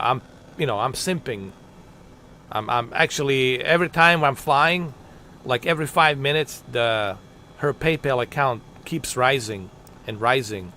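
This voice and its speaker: A man's voice: medium pitch, pushed and bright, a little hiss or hum. Exasperated man rambling over gameplay. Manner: exasperated comic rambling with muttered asides. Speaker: livestreamer. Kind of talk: casual gaming commentary.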